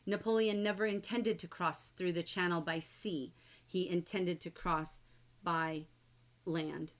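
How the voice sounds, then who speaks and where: A middle-aged woman teaching a livestreamed novel-study class, chatty and animated, reading viewer comments aloud and acting out characters' lines. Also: on the low side, a little slow.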